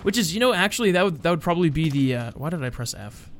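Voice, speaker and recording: A man's voice: a little high, big pitch swings, fast, slight background noise. A man giving joking, rambling commentary while playing a video game, laughing at himself. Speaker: gaming host. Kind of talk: let's-play commentary.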